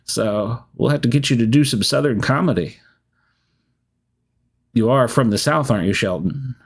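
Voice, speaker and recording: Male podcast host, mid-pitched with some vocal fry, loose and chatty. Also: moderate pace. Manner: rambling, laughs often, lots of fillers. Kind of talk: casual live-stream chat.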